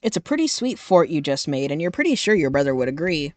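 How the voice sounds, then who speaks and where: Young woman streamer, lower voice, cussing and reading game lines, dead dry sound. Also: big pitch swings, fast, a little mellow, no room sound. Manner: profane and playful, reading dialogue with laughs. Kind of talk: live-stream gaming commentary, reading game text aloud.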